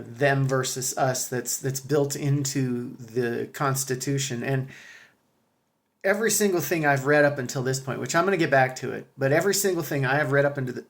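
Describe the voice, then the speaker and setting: A man talking casually to his viewers, halting with fillers and restarts, then reading a passage aloud. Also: mid-range voice, creaky. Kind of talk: casual commentary with a read-aloud excerpt.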